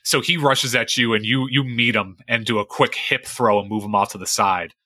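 A man narrating a tabletop game as game master, describing the action in a lively way. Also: mid-range voice, moderate pace, no echo.

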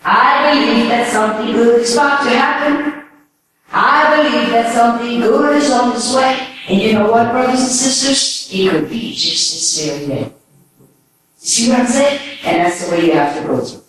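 High-voiced older woman preaching in echoey hall. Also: normal speed, recorded from a distance, soft background music. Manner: animated, calls out questions to the audience. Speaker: speaker giving her testimony. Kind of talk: preaching testimony.

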